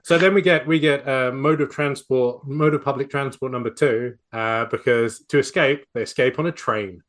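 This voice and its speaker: A man's voice: medium pitch, normal speed, fairly bright tone. A man with a New Zealand accent, hosting a casual film-review podcast with wry, sweary asides and frequent laughs. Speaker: podcast host.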